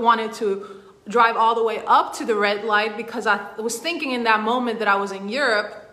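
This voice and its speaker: Woman coach, bright voice, rambling conversational storyteller, roomy echo. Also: medium pitch. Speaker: emotional intelligence coach. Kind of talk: personal story told in a masterclass.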